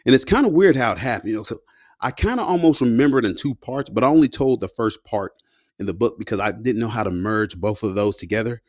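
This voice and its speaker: Veteran man, low voice, dry close sound, casual storytelling full of slang fillers. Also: lively intonation, fast talker, no echo. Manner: loose and slangy, peppered with "you know" and "man". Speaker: combat veteran guest telling his story.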